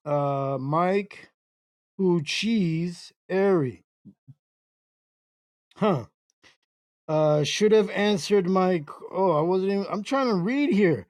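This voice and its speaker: Livestream host, male, unhurried delivery, mock-baffled as he sounds out viewer comments, close dry sound. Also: high voice, darkish tone, no echo. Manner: playfully confused, stumbling through words. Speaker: internet radio host. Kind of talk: joking livestream reading chat comments aloud.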